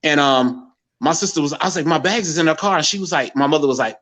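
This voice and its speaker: A middle-aged man from Gary, Indiana speaks as a guest, his voice sitting a little high. He tells a personal story with feeling and animation, restarting sentences and lifting his voice sharply to quote his relatives. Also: fast, fairly bright tone.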